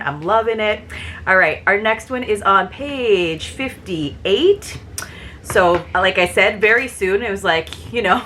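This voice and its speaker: A woman's voice: medium pitch, a bit bright. Chatty woman unboxing books. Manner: chatty and enthusiastic. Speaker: book subscription reviewer. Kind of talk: casual unboxing chat.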